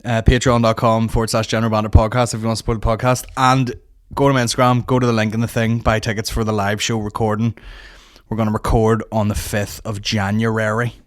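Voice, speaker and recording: A man hosting a comedy podcast. He talks in a quick, offhand way, swearing casually as he signs off. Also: on the low side, level tone, no echo, clean studio sound. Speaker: podcast host.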